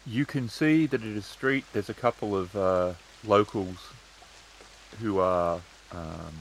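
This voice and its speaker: Male game master, very slow, low-pitched, measured narration. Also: a little hiss or hum, rough recording. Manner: measured, descriptive, with pauses.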